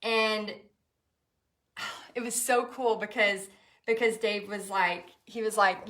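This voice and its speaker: A woman's voice: medium pitch, measured pace, pushed and bright. A woman, chatting in a rambling, emotional way with many fillers while she paints live for viewers. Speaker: painting instructor hosting a live stream.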